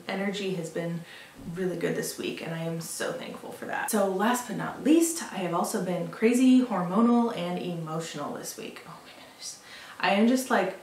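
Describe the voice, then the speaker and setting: A woman's voice: on the low side, slight background noise. A young adult woman vlogging in casual chat, talking freely with many fillers and laughs. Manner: chatty, lots of fillers and laughs. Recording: roomy echo, mic at a distance.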